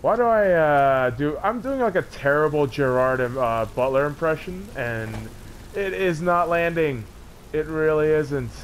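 A man's voice: a little high, expressive, unhurried, a little hiss or hum. Brash, crude gamer man. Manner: crude trash talk and mock-heroic narration; bursts into yelling taunts. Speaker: gameplay streamer. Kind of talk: let's play commentary.

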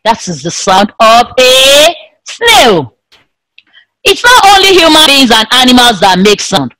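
A woman teaching an online science class to young pupils in a slow, sing-song way, imitating the sounds of animals and objects. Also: a little high, very animated, pushed and bright, dry recording, rough recording. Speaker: primary school teacher.

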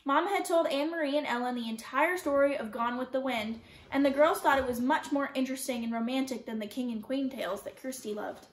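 Woman, teacher, reading a chapter aloud, expressive, high-pitched, roomy echo. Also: fast. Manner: clear, expressive storytelling.

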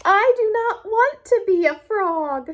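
A woman's voice: sits high, sing-song, takes it slowly, husky, full character voice. A woman voicing an anxious, easily surprised male elephant in a children's storybook read-aloud, with an earnest, exaggerated delivery. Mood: worried.

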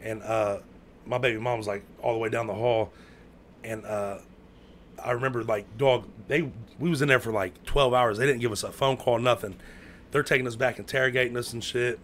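A man from the United States spins a long story in casual chat, leaning on slang and constant fillers. He jumps into loud outbursts when he acts out what people said. His voice sits in a middle range, with a faint hiss of noise behind it. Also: medium pitch, brisk. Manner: animated, acts out quotes with sudden loud outbursts; heavy slang, lots of "bro" and "like".

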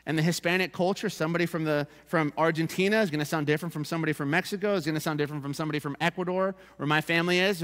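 A man preaching a sermon as pastor, in a lively, conversational style that keeps calling for the congregation's attention. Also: fairly high pitch. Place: church sanctuary. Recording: long reverb of a church hall.

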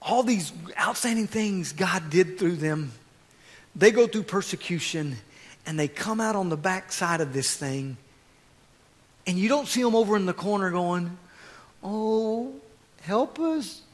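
A man preaching a sermon as pastor, swinging from quiet asides to loud, fervent exhortation. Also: high voice, expressive, a little slow, long reverb tail.

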